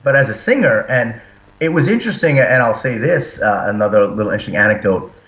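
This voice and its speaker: Talking fast in a medium-pitched voice, a man who fronts and sings for a metal band guests on a casual interview. He tells stories animatedly, acting out the quotes. The recording sounds roomy, dull and lo-fi.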